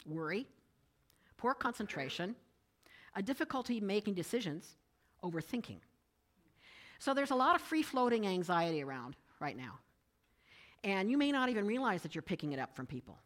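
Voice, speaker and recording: Animated woman giving a talk. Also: mid-range voice. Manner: lively storytelling, rising with excitement in anecdotes. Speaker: speaker giving a talk to a group. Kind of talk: talk to a live audience with a personal story.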